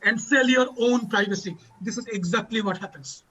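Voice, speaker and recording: Male panel host, high bright voice, emotional, dull lo-fi audio. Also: normal speed, husky. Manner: emotional, repeats lines for emphasis. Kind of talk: impassioned advocacy speech.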